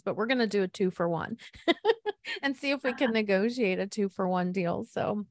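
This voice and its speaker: A woman's voice: medium pitch, lively intonation, moderate pace, no echo. Chatty woman podcast host, dry sound. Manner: chatty, warm storytelling with frequent fillers. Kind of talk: conversational interview.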